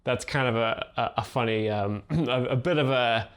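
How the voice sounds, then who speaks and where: Deadpan, hesitant joke-explaining man. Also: mid-range voice, moderate pace, clean tone. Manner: flat, hesitant, full of ums and uhs.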